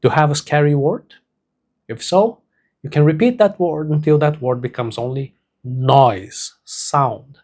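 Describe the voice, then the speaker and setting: A man teaching a self-help lesson, speaking slowly and deliberately and repeating key words for emphasis. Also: fairly high pitch, vocal fry, a little mellow. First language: Portuguese.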